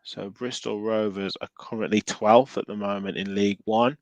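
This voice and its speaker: On his casual football podcast, a host from the English Midlands chats and reads viewer comments aloud, umming often. He speaks in a fairly low, steady voice at normal speed, and the recording is dry and of poor quality.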